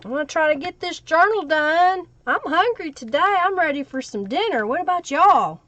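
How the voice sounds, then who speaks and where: A woman's voice: very high voice, animated, normal speed, a bit bright, no echo, muffled recording. A woman with an Oklahoma Southern accent hosting a live crafting stream, chatting casually and answering viewer comments as she works. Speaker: livestream crafting host.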